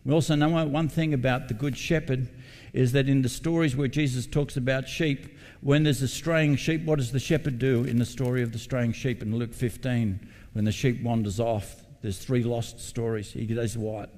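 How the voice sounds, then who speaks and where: A man preaching a sermon in a mellow, warm voice, often turning questions to the congregation. His words ring out with a long reverb across a church hall. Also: medium pitch, steady tone, normal speed. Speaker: pastor.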